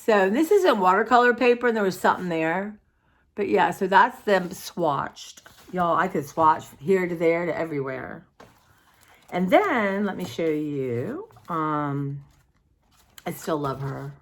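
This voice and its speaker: A woman's voice: on the low side, lively intonation, unhurried. A woman, rambling chattily to her viewers in a casual art vlog. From United States. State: sore throat. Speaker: vlogger.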